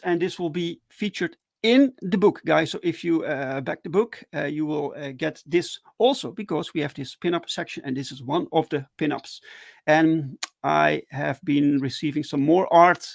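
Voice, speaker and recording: A man hosting a casual livestream chat, excitable and full of fillers and restarts. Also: a little high, vocal fry, dry recording. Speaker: talk show host.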